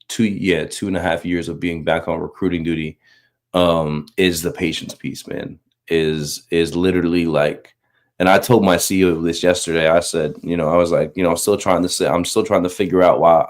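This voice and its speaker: A man's voice: sits low, moderate pace. A man in his thirties, a Marine recruiter, casually telling a story about faith, full of fillers and acting out the voices of the people in it. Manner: animated, acts out quoted voices, many fillers.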